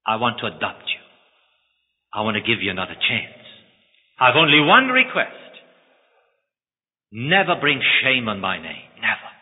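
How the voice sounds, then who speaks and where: A man voicing a wealthy middle-aged male lawyer who speaks calmly, gently and solemnly, told within a sermon. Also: mid-range voice, moderate pace, pauses often, voice pushed down. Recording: tinny phone-like line, echoing hall.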